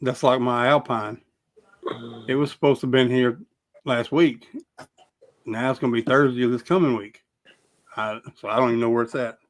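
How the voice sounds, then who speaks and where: A man's voice: medium pitch, steady tone, moderate pace, long pauses. A man co-hosting a casual chat, mostly adding short, agreeable remarks. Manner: brief, agreeable interjections.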